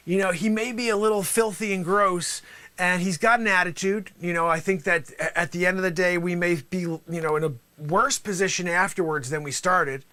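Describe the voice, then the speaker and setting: In a comedic mock courtroom sketch, a man plays a trial lawyer with theatrical, jokey flair, occasionally dropping to a whisper. His voice sits high and sounds sharp, at a moderate pace.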